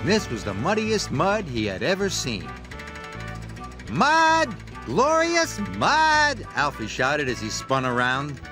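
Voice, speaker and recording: A man narrating a children's storybook aloud in an expressive, sing-song way. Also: mid-range voice, moderate pace, hardly any pauses. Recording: read-aloud over background music. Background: music.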